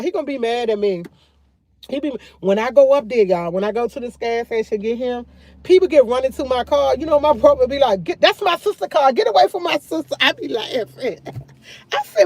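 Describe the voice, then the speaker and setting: Woman, livestream host, loud, chatty, laughing storyteller, dry close sound. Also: sits high, dry recording. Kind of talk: casual livestream chat.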